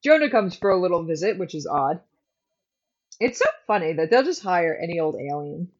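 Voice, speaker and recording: A woman's voice: fairly low pitch, sing-song, moderate pace, darkish tone. Chatty woman recapping, dull lo-fi sound. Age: adult. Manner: chatty and joking, laughs often. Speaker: podcast co-host recapping a TV episode. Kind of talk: casual chat. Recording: dull lo-fi recording.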